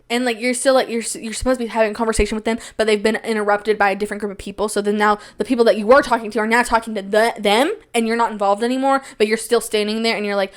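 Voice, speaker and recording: A young woman hosting a podcast, telling stories in a rambling, self-deprecating monologue with big jumps in pitch when she quotes people. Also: fast talker. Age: young adult. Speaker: podcast host. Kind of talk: casual storytelling monologue.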